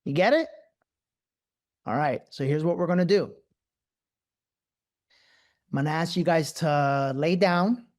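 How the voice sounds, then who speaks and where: A man hosting a live-streamed spiritual talk, animated and profane, who repeats words in quick bursts. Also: a little high. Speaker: host.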